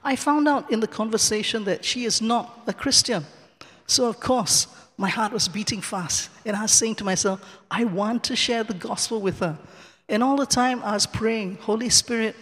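A man giving a personal testimony in a cathedral, telling the story in a lively way, acting out the dialogue and chuckling often. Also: sits high, normal speed, long reverb tail. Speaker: church speaker giving testimony. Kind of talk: personal testimony told from the pulpit. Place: large cathedral.

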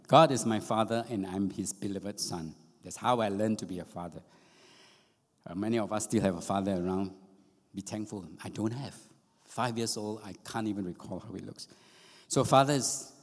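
A man's voice: fairly low pitch, darkish tone. A middle-aged man, preaching a sermon in an earnest way and repeating phrases for emphasis. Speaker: pastor. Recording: long reverb of a hall.

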